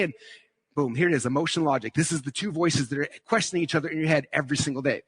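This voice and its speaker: A man on stage giving an upbeat motivational seminar talk at a rapid clip, his voice slightly husky. He keeps checking in with the crowd as he explains. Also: fairly high pitch, no room sound. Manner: energetic, checks in with the audience with frequent "okay?" and "right?". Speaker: seminar speaker. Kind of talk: motivational talk to a live audience.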